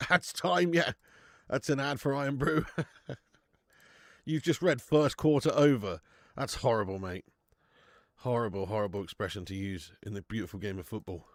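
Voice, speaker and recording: Man, casual watch-along host, banter, reads chat, mid pitch, dry close recording. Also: unhurried, pauses often, no echo. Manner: jokey, banter-filled, reads out chat comments.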